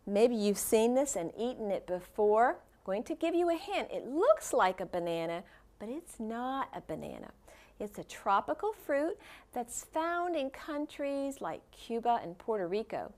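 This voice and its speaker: A woman teacher giving a classroom video lesson to young children, explaining slowly and encouraging them. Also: fairly high pitch, big pitch swings, darkish tone.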